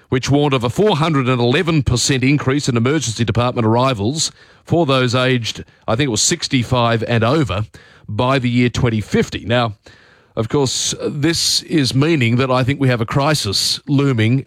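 An Australian man hosting talkback radio in an easy conversational way, with plenty of ums and uhs. His voice sits at a middle pitch. The studio mic sounds close and dry. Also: moderate pace, no room sound. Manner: conversational, with frequent fillers. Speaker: radio host.

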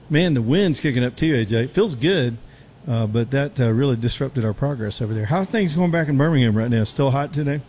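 A man's voice: mid-range voice, brisk, darkish tone, slight background noise. Winded folksy male talk-radio host. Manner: folksy, chatty, Southern turns of phrase. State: out of breath. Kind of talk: casual talk radio with live ad read. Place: outdoors on a road show, windy.

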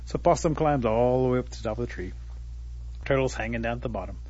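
A man tells a traditional animal tale in a relaxed, conversational way, pausing on fillers as he goes. His voice is a little husky at middling pitch, and the recording sounds dull and lo-fi. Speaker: storyteller. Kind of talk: oral folk storytelling.

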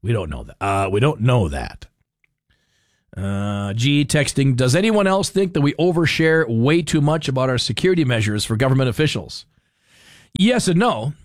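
A male talk radio host who wanders through his thoughts with a wry, chuckling delivery. His voice sits at an ordinary middle pitch. The studio sound is dry and close. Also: very animated, normal speed, no room sound. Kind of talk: casual talk radio commentary.

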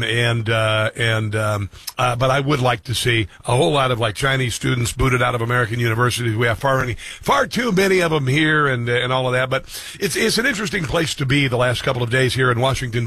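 A man's voice: mid-range voice, sharp tone, dry recording. A man hosting a talk radio show, delivering a combative, rambling monologue full of ums and uhs.

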